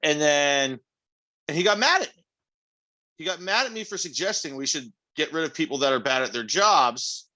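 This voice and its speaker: Man, podcast co-host, bright tone, exasperated, venting, casual. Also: on the high side, animated, normal speed, poor audio. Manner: exasperated, venting about work. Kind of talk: casual chat.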